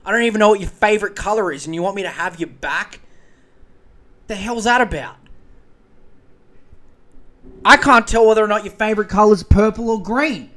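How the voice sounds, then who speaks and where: A man's voice: high voice, brisk, hardly any pauses. A man playing a blunt exasperated husband. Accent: Australian. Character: bewildered new husband, blunt and defensive.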